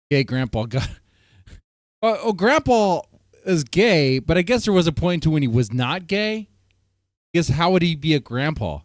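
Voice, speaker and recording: A man's voice: on the high side, sing-song, unhurried, long pauses, dry recording, clean studio sound. A man hosting a live stream, chatting casually with a guest and his audience in a joking, laughing manner. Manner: laughing, joking, playful asides.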